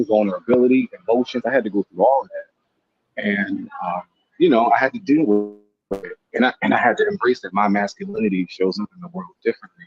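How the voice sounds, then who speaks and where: A man's voice: mid-range voice, husky, dull audio. A man speaking as a guest in a casual live-stream discussion, explaining his ideas earnestly and at length, often repeating words as he goes.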